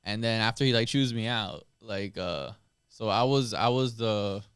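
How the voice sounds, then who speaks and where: A man's voice: on the low side, normal speed, a bit bright, clear, resonant tone, no echo, clean studio sound. An American man in his thirties hosting a podcast, telling a story in laid-back, swear-heavy casual chat. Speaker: podcast host.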